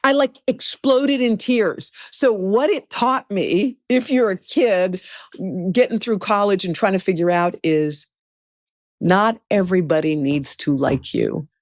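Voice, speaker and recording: A middle-aged woman from the United States, a guest telling a story in conversation, animated and acting out the people in it. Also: mid-range voice, unhurried, no room sound, studio quality.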